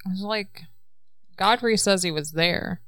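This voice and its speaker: A woman's voice: mid-range voice, unhurried, fairly bright tone, dry recording, studio quality. A woman in a casual game chat, laying out theories one step at a time. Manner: methodical, lays out theories step by step.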